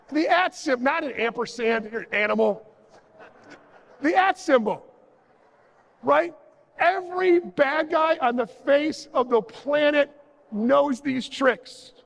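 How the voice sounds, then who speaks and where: Unhurried and full of long pauses, a man's extremely high voice with vocal fry carries through a reverberant conference hall. Speaking on stage, he makes sarcastic jokes and acts out brief dialogues.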